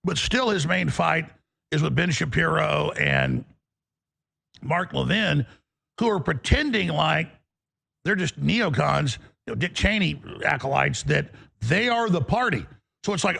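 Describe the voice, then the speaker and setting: A man hosts a political talk show in a deeply gravelly, rasping voice. He rambles, doubling back on words and restarting sentences. His voice sits somewhat high for a man. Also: very animated, measured pace, pushed and bright.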